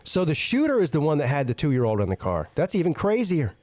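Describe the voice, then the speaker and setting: A man reads news stories on his show and stops often to react with blunt, salty asides. His pitch swings up and down a lot, especially when something strikes him as ridiculous. The sound is dry and close, with no room echo. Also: huge pitch swings, fairly quick, darkish tone. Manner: jumps high in pitch when incredulous. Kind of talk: casual news reading with commentary.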